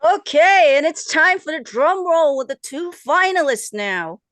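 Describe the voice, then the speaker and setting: A woman's voice: high voice, very animated, unhurried, fairly bright tone, no room sound. A woman DJ hosting an online music show, announcing contest finalists in an upbeat way. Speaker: radio DJ host. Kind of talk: casual on-air chat.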